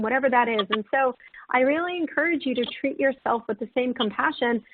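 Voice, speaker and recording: A woman's voice: high voice, a little fast, slight background noise. A woman panelist giving an encouraging webinar talk, casual and chatty with frequent "right?" and "like". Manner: warm encouraging, many "right?" and "like" fillers. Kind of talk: webinar talk on self-compassion. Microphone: video call. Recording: tinny phone-like call audio.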